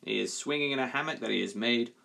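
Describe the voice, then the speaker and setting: A male primary school teacher reading a story aloud to his class in a clear, measured way. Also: mid-range voice, sharp tone.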